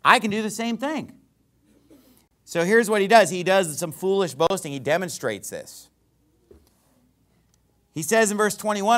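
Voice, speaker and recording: A man preaching a verse-by-verse sermon, reading scripture in a rising, emphatic cadence and swinging between loud emphasis and quiet asides. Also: high voice, lively intonation, measured pace. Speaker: pastor.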